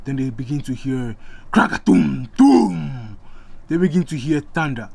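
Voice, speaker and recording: A man's voice: mid-range voice, very animated, measured pace, vocal fry, crowd noise. Chatty man narrating a comic. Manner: chatty asides to the listener. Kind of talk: casual comic retelling.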